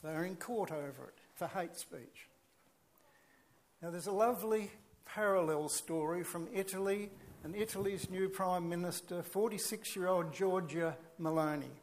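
High-voiced man preaching a sermon. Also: a little slow. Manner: earnest, emphatic preaching with chatty asides.

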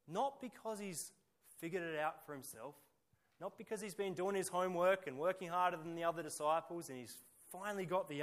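A man preaching a sermon emphatically, piling up rhetorical questions and repeated phrases and moving between loud bursts and quiet, dropped endings. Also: a little high.

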